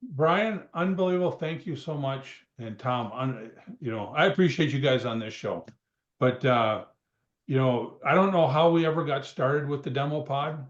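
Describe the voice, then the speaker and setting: A man's voice: medium pitch, moderate pace. A man in his sixties, a guest on a podcast, telling rambling stories and chuckling between them. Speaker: guest, retired wrestler. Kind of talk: casual storytelling. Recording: roomy, dull remote sound.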